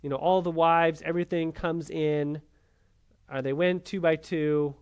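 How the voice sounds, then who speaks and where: A man's voice: fairly high pitch, fairly even intonation, a little slow, clean tone. A man teaching a church Bible class in a conversational way, often checking in with his listeners. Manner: conversational, frequent "right?" checks.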